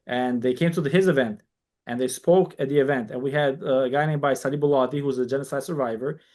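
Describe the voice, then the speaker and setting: This is a New York-raised founder of a community organization, guesting on a casual podcast interview. He talks fast in a mid-range voice, animatedly telling long stories, quoting others in dialogue, and often starting over mid-thought.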